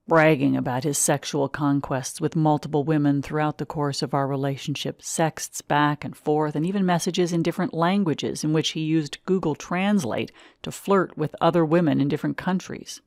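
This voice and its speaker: A woman reads a first-person memoir aloud in a measured, expressive way. Her voice sits low, and it is recorded close and dry with no room sound. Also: no echo. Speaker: audiobook narrator. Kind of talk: memoir audiobook narration.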